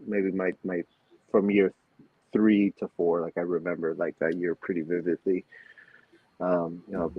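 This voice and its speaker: A man from Puerto Rico, raised in Buffalo and Orlando, chatting in a relaxed, reflective way as a podcast co-host. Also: sits low, husky, no echo. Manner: relaxed, laughs easily, reflective. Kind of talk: casual chat. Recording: phone-like lo-fi, dry.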